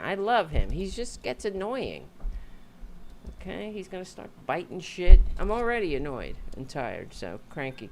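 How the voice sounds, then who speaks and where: Low-voiced tired woman livestream host. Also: sing-song, moderate pace, a little mellow, a little hiss or hum. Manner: rambling, self-interrupting, joking. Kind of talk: casual livestream chat. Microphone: home mic with audio interface.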